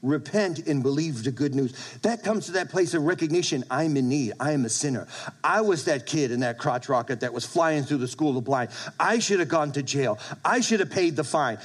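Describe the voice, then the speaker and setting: A man's voice: on the high side, lively intonation, moderate pace, husky. A male pastor preaching a sermon to his congregation, emphatic, repeating phrases and restarting with stammers. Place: church service with congregation.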